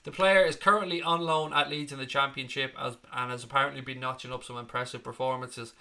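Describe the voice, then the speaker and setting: Bright-voiced Irish man in his thirties. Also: mid-range voice, steady tone, quick pace. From Ireland. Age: 30s. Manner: chatty, blunt, swears freely. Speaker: fan channel host. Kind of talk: casual live-stream chat reading comments.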